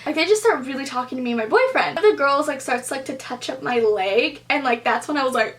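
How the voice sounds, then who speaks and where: A young woman vlogger telling a storytime to camera in a casual, animated way, peppered with "like" and acted-out quotes. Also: high-pitched, fast talker, hardly any pauses, heavy background noise. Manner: animated, expressive, heavy use of "like", acts out quotes.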